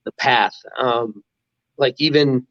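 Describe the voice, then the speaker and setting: A man's voice: medium pitch, takes it slowly, a bit bright, no echo. Middle-aged guy rambling through his stories, lots of restarts, dry slightly dull audio. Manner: rambling, many restarts, laughs while telling stories. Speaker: interview guest, former mascot. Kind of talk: casual storytelling.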